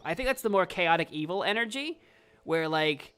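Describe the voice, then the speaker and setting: A woman's voice: on the low side, big pitch swings, fast, a bit bright, soft background music. A woman streamer giving casual, self-deprecating let's-play commentary, thinking aloud as she reads.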